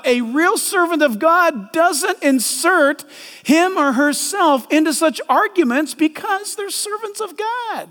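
A man preaching a sermon as a pastor, animated and acting out voices in the quotes. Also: very high voice, long reverb tail.

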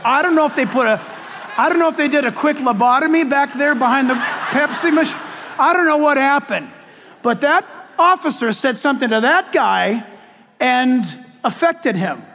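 A man preaching a sermon, telling stories in an animated way and acting out what people said. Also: very high-pitched, in a large hall. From United States. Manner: animated storytelling, acts out quotes. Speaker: pastor.

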